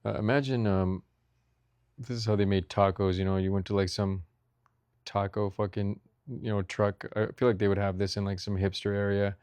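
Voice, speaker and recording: A man's voice: fairly low pitch, little pitch movement, normal speed, a little mellow, clear, resonant tone, dry recording. A young man vlogging about food in a rambling, profane rant, saying "dude" constantly. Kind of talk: casual ranting monologue.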